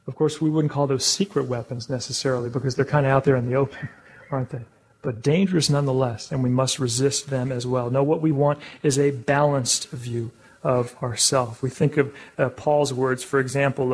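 Guy preaching a public talk, kinda husky voice, keeps asking the audience stuff. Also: mid-range voice. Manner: asks the audience questions, slows to stress key words. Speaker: public speaker.

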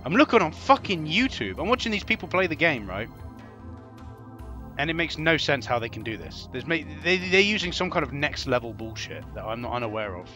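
A man's voice: on the high side, big pitch swings, fairly quick, bright, forceful tone, faint music behind. A man giving gameplay commentary, ranting and swearing in frustration at a puzzle game. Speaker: gaming channel host.

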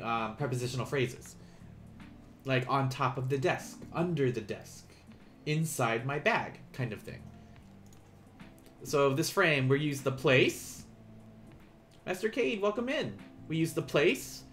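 Casual man teaching on a live stream. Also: on the high side. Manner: relaxed, chatty explaining with frequent fillers and restarts. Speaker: Japanese teacher.

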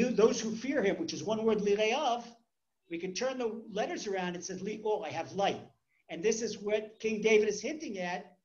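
A man's voice: sits high, lo-fi sound. A man, a rabbi, teaching a Torah class in a conversational way, repeating words as he tells stories.

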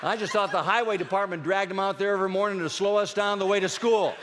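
A middle-aged male comedian telling stories on stage, his voice fairly high and leaping all over the place as he acts out the characters. The sound carries the long reverb of a big hall, with a faint hiss underneath. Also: fast talker, few pauses. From Pennsylvania. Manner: animated, shouts his dad's lines in a high voice. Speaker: stand-up comedian. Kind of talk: storytelling stand-up comedy.

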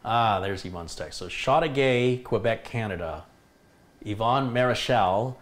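A male tech host chats with his live audience in a relaxed, enthusiastic way. His voice sits on the low side, casual and talkative. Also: a little slow. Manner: chatty, enthusiastic, reads viewer comments aloud. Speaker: tech YouTuber hosting a live stream. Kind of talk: casual live stream chat.

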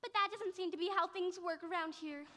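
A woman's voice: extremely high pitch, fairly even intonation, fairly quick, fairly bright tone. A girl playing a grumpy, sarcastic creature who lays down the house rules to newcomers. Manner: dry, sarcastic. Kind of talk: school stage musical acting.

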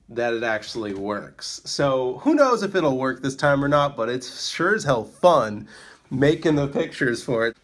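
A man chatting casually in a vlog, rambling and laughing often as he mocks himself. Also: mid-range voice. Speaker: vlogger, small business owner. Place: out walking in town, then indoors.

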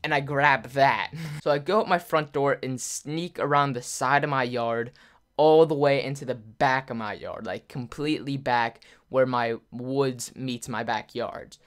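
A young man YouTuber telling a story to camera in a casual, rambling way, full of "like" and quick laughs. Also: medium pitch, steady tone, fairly bright tone.

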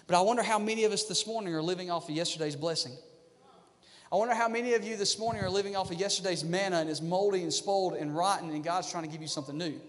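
A man's voice: sits high, quick pace, long reverb tail. A man, an associate pastor, preaching a sermon in a conversational style that rises into emphatic bursts. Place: church sanctuary.

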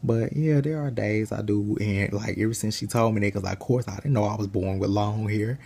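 A tired young man talking casually to his camera while lying in bed, rambling in a relaxed way. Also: on the low side, moderate pace, vocal fry, husky. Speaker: vlogger. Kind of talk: casual chat.

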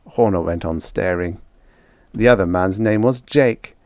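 A man narrating a vintage science fiction story as an audiobook, in a measured, steady reading with dramatic lift. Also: sits low, no room sound, studio quality.

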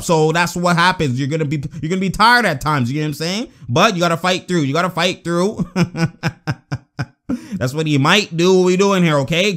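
A man giving casual, excitable reaction commentary over basketball clips, slangy and laughing often as he breaks down plays. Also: fairly high pitch.

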